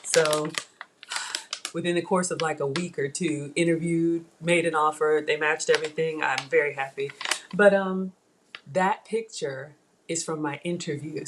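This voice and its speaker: A woman's voice: low voice, fairly even intonation, moderate pace, background noise. A middle-aged woman hosting a live cooking stream from her home kitchen, chatting with viewers and calling them y'all. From Africa. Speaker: cooking channel host.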